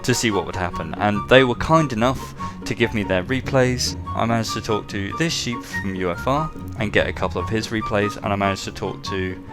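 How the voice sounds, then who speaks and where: Here a low-voiced Englishman hosts a relaxed commentary on a game replay, speaking at a moderate pace with few pauses. He chats and cracks jokes as the action unfolds, while music runs clearly under his voice the entire time.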